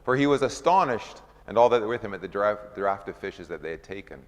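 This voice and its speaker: Low-voiced man leading a Bible study in a reverberant hall. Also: animated, fairly quick. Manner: conversational, asks the group questions, acts out scripture scenes. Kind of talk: informal Bible study teaching.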